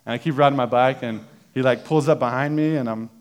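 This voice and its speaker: A man's voice: medium pitch, fairly even intonation, quick pace. Young male preacher, loose and self-deprecating, spinning an anecdote from the pulpit. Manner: casual, self-deprecating storytelling with many fillers. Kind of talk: sermon with personal story.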